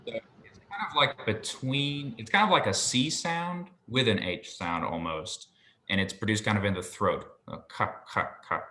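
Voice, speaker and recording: A man's voice: lowish voice, animated, normal speed, bright, forceful tone. A man tutoring biblical Hebrew one-on-one, patiently modelling pronunciation and encouraging his student. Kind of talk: one-on-one language lesson.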